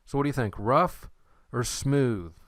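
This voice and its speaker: A man teaching a recorded language lesson, slow and patient, saying words twice for the learner. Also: medium pitch, a bit bright, no room sound. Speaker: Greek teacher.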